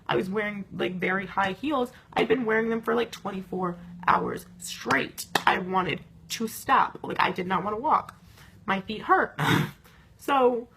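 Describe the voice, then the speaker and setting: A woman's voice: medium pitch, slight background noise. A young woman recounting a night out in a casual vlog, swearing often and filling her talk with "like". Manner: animated, swearing, many fillers.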